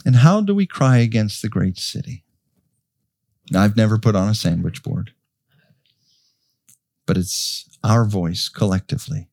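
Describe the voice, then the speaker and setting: With soft piano behind him in the church sanctuary, a man preaches to his congregation as its pastor in a lowish, animated voice. He speaks slowly and emphatically, building to strong peaks as he calls out to them.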